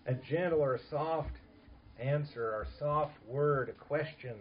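Male pastor, earnest emphatic sermon, fairly high voice, dull lo-fi sound. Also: slow pace, a little hiss or hum. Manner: earnest, emphatic preaching with soft asides.

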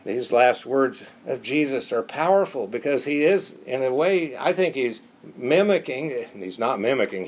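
A man's voice: fairly high pitch, a little mellow. A man preaching a sermon as pastor, with an earnest, pleading emphasis and strings of rhetorical questions.

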